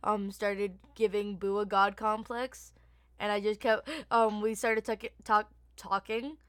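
A woman's voice: medium pitch, flat delivery, measured pace, fairly bright tone, clean tone, no room sound, clean studio sound. A young woman hosting a casual chat, giggly and chatty, hesitating often. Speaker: host, interviewer.

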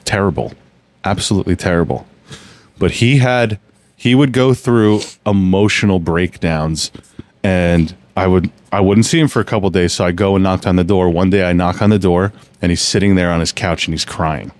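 A man hosting a podcast, casually telling long personal stories in a relaxed, rambling way. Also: normal speed, no echo. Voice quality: low, relaxed storytelling with frequent restarts. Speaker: podcast host. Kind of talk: casual storytelling chat.

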